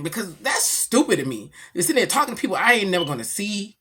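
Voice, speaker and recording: A middle-aged woman chatting casually about her daughter, animated and slangy as she tells stories. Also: mid-range voice, fast talker, few pauses, slightly rough. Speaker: vlogger, mother. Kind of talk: casual chat.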